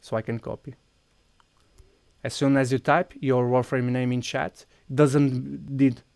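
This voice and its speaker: A man's voice: medium pitch, little pitch movement, a little slow, creaky, a little mellow, clean tone, dry recording. A man with a Portuguese accent streaming a game, walking viewers through each step while he clicks and thinks aloud. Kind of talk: casual live-stream chat.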